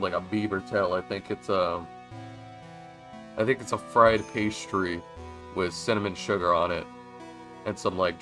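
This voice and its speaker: Young man, game streamer, bright tone, playful rambling commentary with loud bursts. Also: lowish voice. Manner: chatty, jokey, reads game lines with loud outbursts. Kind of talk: casual let's-play commentary reading dialogue aloud.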